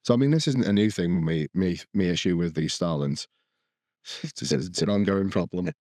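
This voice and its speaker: A man's voice: deep voice, normal speed, a little mellow, no room sound, clean studio sound. A man co-hosting a podcast, telling a rambling story full of restarts, with swearing and laughter. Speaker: podcast co-host. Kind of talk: casual chat.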